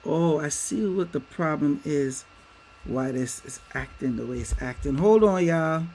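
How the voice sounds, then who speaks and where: A man's slightly high, somewhat dark voice comes through a rough recording as he hosts a livestream at a home green-screen setup. Talking a little slowly, he offers emphatic commentary to "y'all," peppered with rhetorical questions.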